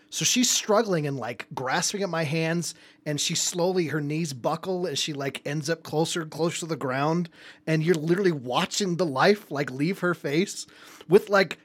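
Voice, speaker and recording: A man's voice: a little high, dry recording. A man, a podcast co-host, recounting vivid gaming stories in casual chat and laughing often. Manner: vivid, expressive storyteller who laughs often.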